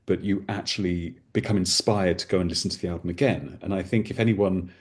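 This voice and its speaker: A man with a very low voice talks in a relaxed conversation. He tells long, enthusiastic stories and drifts into playful asides. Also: fairly quick. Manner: expansive, enthusiastic storyteller. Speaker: podcast host as guest. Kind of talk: casual conversation.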